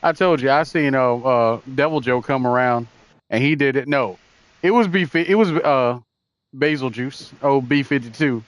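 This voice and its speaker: This podcast co-host chats casually about games in a laid-back, slangy style. His mid-range voice moves at a moderate pace, and the recording has no room sound.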